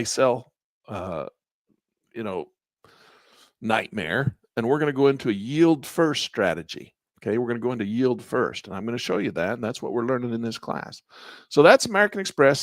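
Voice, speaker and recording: A man teaching a live online trading class in a casual, folksy way, losing his voice and clearing his throat often, with quick asides that act out what traders think. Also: medium pitch, dry recording, studio quality. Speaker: trading instructor. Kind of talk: live online class, walking through charts.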